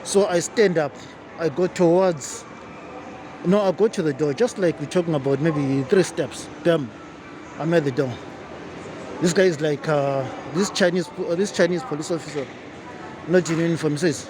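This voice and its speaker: Animated man telling a story outdoors. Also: fairly high pitch, moderate pace, crowd noise. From Africa. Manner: animated, acts out quoted exchanges in a raised voice. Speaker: vlogger. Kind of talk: casual storytelling to camera. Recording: urban outdoor noise with passing traffic.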